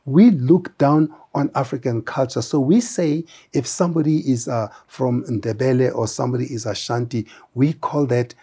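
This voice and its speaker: A man being interviewed as a guest, talking in an animated way with many hesitations and restarts. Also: medium pitch, normal speed, hardly any pauses, husky. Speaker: interview guest, brand founder. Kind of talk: conversational interview.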